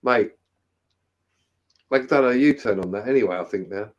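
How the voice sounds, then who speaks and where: A man's voice: fairly low pitch, moderate pace, dull audio. A man in a casual chat over an online call, telling stories in a laid-back way and laughing along.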